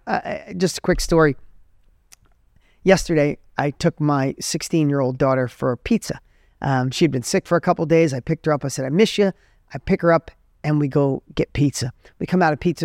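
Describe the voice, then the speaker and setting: A man's voice: high-pitched, a little mellow, no room sound, clean studio sound. A middle-aged man giving an earnest, emphatic motivational talk as a podcast host, telling stories to make his points. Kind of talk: motivational monologue.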